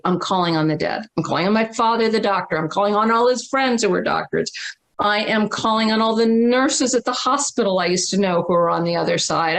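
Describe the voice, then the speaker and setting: A middle-aged woman from Massachusetts, telling an earnest, animated story as a guest teacher on a video call. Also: medium pitch, low-quality recording. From Massachusetts, USA. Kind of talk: storytelling in a livestream talk.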